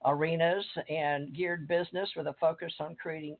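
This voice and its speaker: A woman's voice: sits low, fairly even intonation, normal speed, creaky. An older woman hosting an online talk show, chatty and rambling as she reads a guest's bio aloud. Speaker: host. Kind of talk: casual call-in interview. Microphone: phone or computer call. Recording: tinny phone line.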